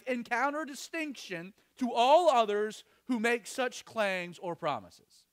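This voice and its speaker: High, lively-voiced preaching man. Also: unhurried, few pauses. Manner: expressive, emphatic, earnest. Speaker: pastor. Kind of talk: sermon.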